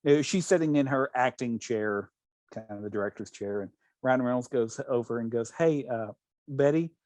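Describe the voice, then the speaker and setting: A man's voice: medium pitch, normal speed, a little mellow, dry recording. A man hosting a podcast, telling stories in casual chat with many restarts. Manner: rambling storyteller with many restarts. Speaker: podcast host.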